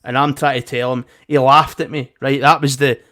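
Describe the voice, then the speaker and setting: A man's voice: medium pitch, level tone, normal speed, pushed and bright. A young Scottish man telling a heated story in casual chat, swearing and acting out both sides of an argument. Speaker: podcast co-host.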